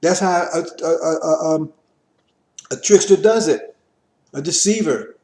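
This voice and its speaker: High-voiced man lecturing, echoey room. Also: measured pace. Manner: preachy, repetitive, rising to forceful emphasis. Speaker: religious teacher. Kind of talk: impassioned lecture.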